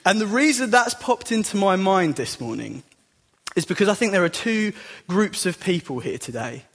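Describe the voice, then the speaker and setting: Young male youth leader preaching casually, high voice, reverberant hall. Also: sing-song, normal speed, a bit bright. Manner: chatty and self-deprecating. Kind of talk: sermon. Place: church hall.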